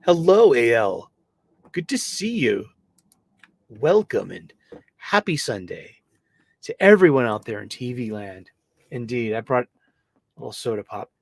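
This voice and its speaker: A middle-aged man, hosting a casual livestream chat, who gets excited and lets his voice jump into higher registers. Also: a little slow, creaky, pauses often. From Boston. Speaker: livestream host.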